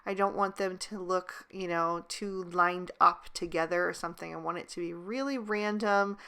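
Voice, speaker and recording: A woman narrates a craft tutorial over her own work, explaining each step in a calm, steady way with small fillers along the way. Her voice is bright and smooth. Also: lowish voice, moderate pace. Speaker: card-making crafter.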